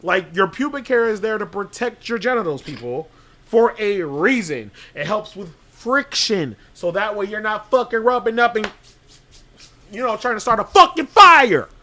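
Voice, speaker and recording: A man with a high, bright, sharp voice tells a raunchy story on a casual podcast. He swears freely and keeps slipping into loud, animated quoted voices. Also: normal speed, a little hiss or hum. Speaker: podcast co-host telling a story.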